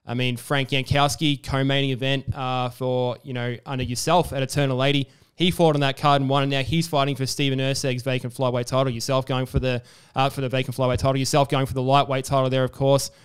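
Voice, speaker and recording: Aussie podcast host guy, talks fast, super clear voice, chatty and keen. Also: medium pitch, little pitch movement. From Australia. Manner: chatty, filler-heavy, enthusiastic. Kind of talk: casual sports interview.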